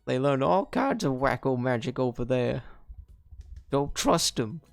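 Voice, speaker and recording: A man voicing a bitter, distrustful old man in a video game, ranting gruffly and calling the listener youngster. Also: medium pitch, animated, unhurried, no room sound, clean studio sound, soft background music, pitched above the performer's own voice. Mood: grumbling.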